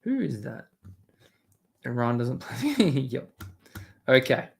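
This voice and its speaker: A man's voice: mid-range voice, very animated, takes it slowly, creaky, slight background noise. A man hosting a live stream, rambling and swearing as he reads and answers his chat. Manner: rambling, profane, talks to chat. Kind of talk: casual live-stream commentary.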